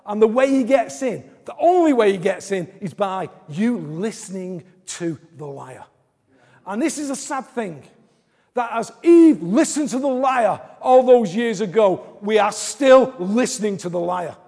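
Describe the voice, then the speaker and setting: A man preaches a sermon in a high, husky voice, repeating his phrases and swinging between loud, quick bursts and quiet, slow lines. The sound has the long reverb of a large hall. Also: lively intonation. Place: church service in a large hall.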